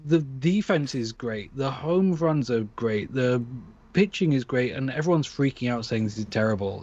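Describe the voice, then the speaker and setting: A man's voice: medium pitch, expressive, moderate pace, darkish tone, highs cut off. A man in casual sports chat, ranting with exasperation and mock quotes.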